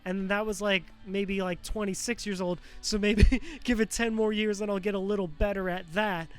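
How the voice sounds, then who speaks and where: A man's voice: sits high, steady tone, normal speed, soft background music. A man hosting his show in a rambling personal monologue, raw and close to tears, swearing often and restarting his sentences. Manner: rambling, profane, frequent fillers and restarts. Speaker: show host.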